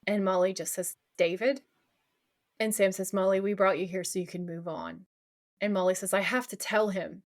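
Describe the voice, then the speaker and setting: A woman's voice: mid-range voice, animated, moderate pace. A woman co-hosting a podcast, retelling a TV episode in casual chat, quoting lines and ranting along the way. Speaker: podcast co-host.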